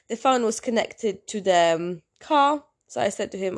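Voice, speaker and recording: A woman's voice: medium pitch, animated, moderate pace, hardly any pauses. A woman hosting her own podcast, telling an everyday story in a chatty, rambling way that wanders off and circles back. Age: adult, in a long-term relationship. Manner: rambling, chatty, self-interrupting. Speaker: podcast host. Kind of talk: casual solo podcast storytelling.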